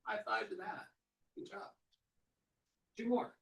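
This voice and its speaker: High-voiced man leading a team meeting. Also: little pitch movement, fairly bright tone. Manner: upbeat, quick praise, repeats himself. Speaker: real estate team leader running a meeting. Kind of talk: group meeting, leading a sharing round. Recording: echoey room, mic far off.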